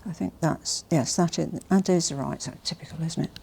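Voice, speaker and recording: A woman vlogger presenting a haul in a casual, gushing and emotional way, often dropping to soft whispers. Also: sits low, moderate pace, gravelly, husky. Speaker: fashion vlogger.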